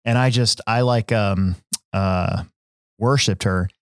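Lowish voiced guy hosting a podcast, rambly, lots of ums, dry close mic. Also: slow, dry recording. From Nebraska. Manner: rambling storyteller, many fillers and restarts. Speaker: podcast host. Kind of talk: casual chat.

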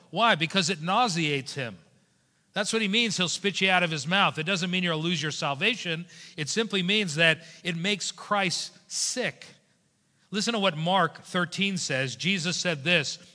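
A man preaching a sermon as a pastor, animated and storytelling, switching into voices for the people in his stories. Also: on the high side. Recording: long hall reverb.

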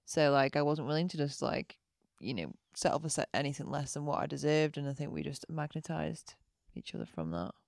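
Woman, podcast guest, low pitch, candid, giggly, dry recording. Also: lively intonation, vocal fry, darkish tone, no room sound. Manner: giggly, candid, drawn-out filler words. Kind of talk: casual chat.

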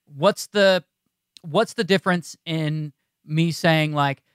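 Animated man co-hosting a podcast. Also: fairly high pitch, slow pace, clean tone, no echo, clean studio sound. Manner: emphatic, animated storytelling with many restarts. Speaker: podcast co-host. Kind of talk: casual podcast chat. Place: podcast studio.

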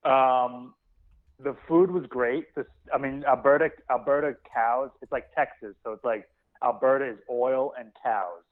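A man's voice: medium pitch, normal speed. A man telling rambling, laid-back stories in a casual podcast chat, often restarting his words. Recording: tinny phone-like line.

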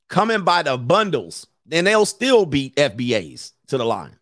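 Casting: male host, casual stream commentary, joking and animated, dry close mic. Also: fairly high pitch, unhurried, hardly any pauses, dry recording. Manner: joking, animated riffing with laughs. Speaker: show host reading chat.

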